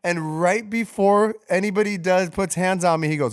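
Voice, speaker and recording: Animated man telling a profane story. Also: high-pitched, normal speed, smooth. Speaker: podcast co-host telling a story. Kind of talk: casual storytelling.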